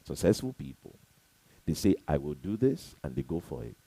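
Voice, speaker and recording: A man giving an emphatic, preachy motivational talk to camera, repeating his points and swinging between loud and soft. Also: extremely low pitch, big pitch swings, normal speed, creaky, poor audio. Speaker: motivational speaker.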